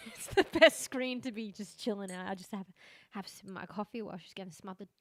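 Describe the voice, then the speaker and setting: A woman's voice: medium pitch, a little fast, no room sound. A woman streaming a horror game, chatting casually with lots of swearing, laughing as she talks. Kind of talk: casual live-stream commentary.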